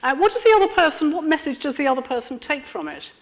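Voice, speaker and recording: A woman leading an interactive training workshop, lively and constantly checking in with her audience. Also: high-pitched, fast. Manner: lively, checks in with frequent "yeah?". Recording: lecture room with long reverb.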